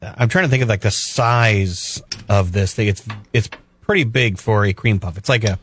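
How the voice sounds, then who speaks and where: A man's voice: fairly low pitch, normal speed, fairly bright tone, slight background noise. A man on a radio show describing a dessert in casual, enthusiastic detail. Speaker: radio traffic and weather reporter.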